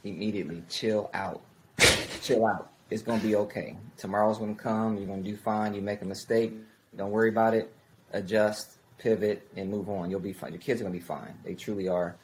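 A man's voice: lowish voice, steady tone, fairly quick, a little hiss or hum. A man talking as a podcast guest, in emphatic short phrases and laughing easily. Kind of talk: casual interview talk.

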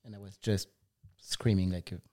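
A man talking as a guest in a casual chat, in a relaxed, reflective way. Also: sits low, moderate pace.

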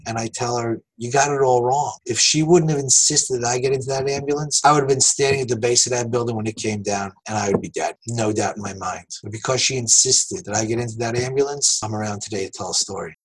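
Fast-talking husky New man. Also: mid-range voice, low-quality recording. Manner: animated storyteller, acting out quoted dialogue. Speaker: interview guest, survivor telling his story. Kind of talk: storytelling in an interview.

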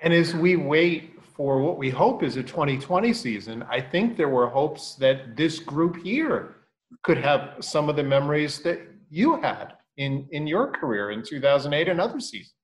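A male interviewer with a slightly high voice steers the chat with easy, leading questions. He speaks in a plain, conversational way. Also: very animated, normal speed.

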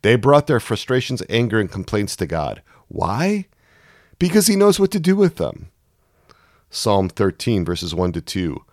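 Low-voiced man preaching from scripture. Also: big pitch swings, measured pace, a little mellow, no room sound, studio quality. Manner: reads verses with rising anguished intensity. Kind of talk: sermon reading scripture.

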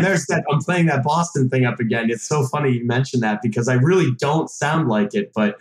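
A man's voice: medium pitch, brisk, few pauses. A man in his thirties from Massachusetts, a podcast guest chatting casually and rambling with lots of fillers and restarts. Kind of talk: casual chat. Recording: roomy echo.

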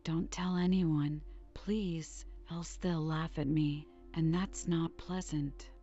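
Storybook boy, mischievous and low-voiced, read by a woman, unhurried, warm and slightly muffled. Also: fairly even intonation, soft background music. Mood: confiding. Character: sleepwalking motherless teenage boy, playful.

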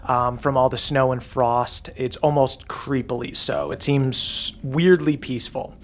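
A game master narrating a tabletop game scene with relaxed description and frequent fillers. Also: mid-range voice, unhurried, slight background noise.

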